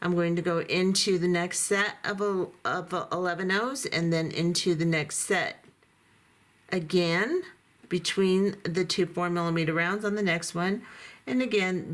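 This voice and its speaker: Woman, beading instructor, slightly low voice, methodical, a bit hoarse. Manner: calm, methodical, talks through each step while working. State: voice going hoarse. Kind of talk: step-by-step craft tutorial.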